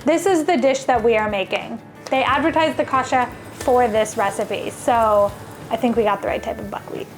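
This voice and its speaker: A woman with a slightly high voice, speaking at a normal speed, cooks in her own kitchen for a casual vlog while soft music plays. She's talkative and excited, musing aloud about what she's doing.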